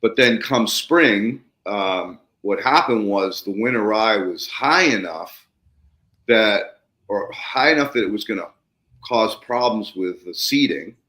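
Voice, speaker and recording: A man's voice: lowish voice, slow. A middle-aged man hosting a podcast, telling farm stories casually and acting out the people he quotes. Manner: animated anecdote-telling, acts out the people he quotes. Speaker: podcast host. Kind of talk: casual storytelling chat.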